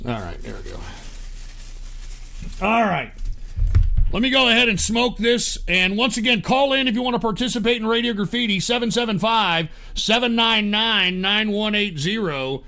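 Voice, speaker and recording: Brief: high-voiced gravelly male streamer, foul-mouthed angry ranter, tense sharp tone, stumbles over his words. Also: normal speed. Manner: profane, angry ranting; stammering restarts. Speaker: livestream host. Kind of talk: ranting livestream broadcast.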